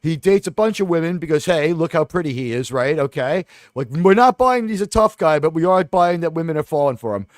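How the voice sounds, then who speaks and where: A man chatting casually on a podcast, joking quickly with lots of filler words. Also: fairly high pitch, animated, no echo, clean studio sound. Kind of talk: casual chat.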